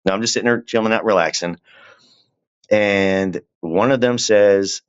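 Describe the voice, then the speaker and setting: A man, a guest telling a long story in a relaxed, conversational way and often turning to the listener with asides. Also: fairly low pitch, moderate pace, clean tone, dull audio. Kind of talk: casual storytelling.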